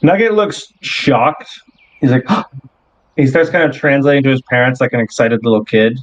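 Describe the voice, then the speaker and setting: A man's voice: mid-range voice, normal speed, dry recording, dull audio. Laid-back male game master narrating. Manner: loose, hesitant narration full of fillers.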